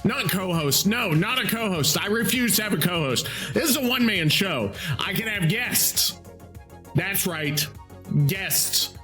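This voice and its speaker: A man runs his podcast alone, ranting with exasperation and frequent swearing. His voice sits high and swings widely in pitch as he vents. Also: lively intonation, measured pace, bright, forceful tone, faint music behind. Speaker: podcast host. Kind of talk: solo podcast rant.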